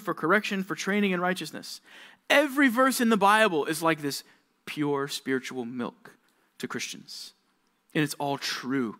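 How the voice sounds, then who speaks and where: A man's voice: fairly high pitch, fairly bright tone. A young man, a youth pastor, giving a casual, conversational sermon to teenagers, full of rhetorical questions.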